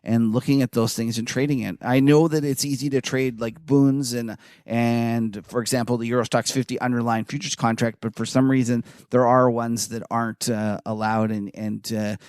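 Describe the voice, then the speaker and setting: A man co-hosting a markets podcast in casual, animated chat, full of "like" fillers. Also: medium pitch, moderate pace, clear, resonant tone, dry recording, studio quality. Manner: animated, chatty, many "like" fillers. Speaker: podcast co-host.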